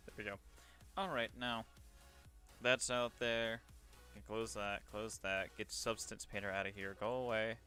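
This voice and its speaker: Faint music plays behind a man whose low, sharp-toned voice comes out flat and a little slow. He's streaming his 3D modeling commission work, chatting casually, self-deprecating, and talking to himself throughout.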